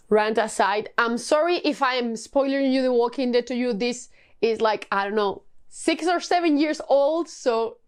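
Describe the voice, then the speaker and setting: A young woman reviewing graphic novels in a casual vlog, animated and swearing a lot as she rants. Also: a little high, clear, resonant tone. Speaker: book vlogger.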